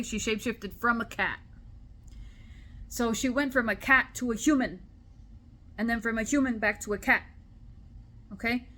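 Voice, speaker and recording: Woman, casual storytelling vlogger, bright tone, chatty and animated. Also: medium pitch. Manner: animated, chatty, acts out quoted voices. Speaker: spiritual vlogger. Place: indoor room at home.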